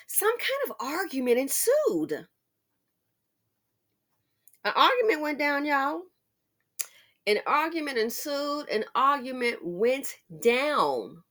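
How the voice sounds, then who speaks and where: Animated woman commenting on the news. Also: on the high side. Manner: animated, addresses viewers directly.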